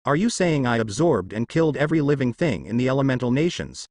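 A man voicing a newly risen young god who speaks smoothly but firmly. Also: mid-range voice, big pitch swings, quick pace, darkish tone, no echo, clean studio sound.

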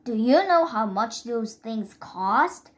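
A woman's voice: a little high, animated, slow pace. A woman reading the lines of a flustered, exasperated middle-aged father in a storybook.

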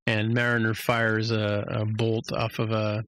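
A man co-hosting a podcast, recapping an episode in casual chat with many restarts and jumping to a higher voice to act out lines. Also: completely flat delivery, a little slow, a bit bright, no echo.

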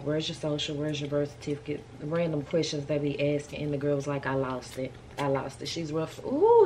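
A woman vlogger telling stories in a casual, animated, colloquial way. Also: sits low, a little hiss or hum. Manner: chatty, animated, colloquial storytelling. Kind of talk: casual storytelling chat.

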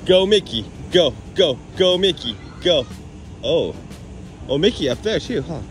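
A vlogger dad films a shopping trip with his toddler inside a big warehouse store, chatting casually in a fairly high, expressive, unhurried voice. He uses playful sing-song baby talk and laughs often, with slight background noise and music under his voice.

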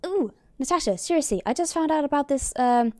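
A high, animated, warm-toned woman streamer talks briskly through her gameplay, casual and chatty, muttering and mildly swearing. The recording is dry, with faint music behind her.

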